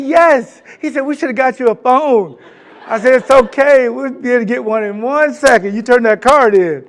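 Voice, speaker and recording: A middle-aged man from Florida, a keynote speaker telling a comic story to a live audience and acting out voices as he goes. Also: high voice. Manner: animated, comic, acts out voices in his anecdotes. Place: large event hall.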